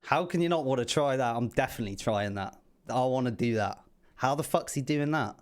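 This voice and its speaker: Excitable man reacting to music. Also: mid-range voice, fairly quick, clear, resonant tone. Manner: excitable and chatty, swears freely. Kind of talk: casual reaction commentary.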